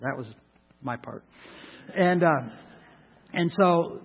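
Middle-aged male pastor, high husky voice, rambling folksy sermon story, thin phone-like sound. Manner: folksy, halting storytelling with many restarts. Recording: echoey hall, phone-like sound.

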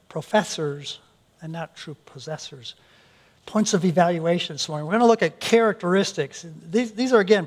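A male pastor preaching a sermon, earnest, often repeating words as he restarts his sentences. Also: high voice.

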